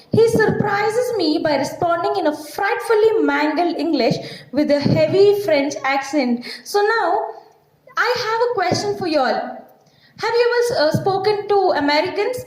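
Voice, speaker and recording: High-voiced Indian woman teacher, echoey room. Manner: reads a line, then explains it simply, checking with "right?". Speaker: English teacher. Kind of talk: explaining a textbook passage to a class.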